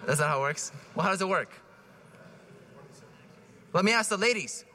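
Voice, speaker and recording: A man's voice: high-pitched, lively intonation, normal speed, bright, forceful tone, in a large hall. A man preaching a homily in a casual, joking way, often acting out voices. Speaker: priest.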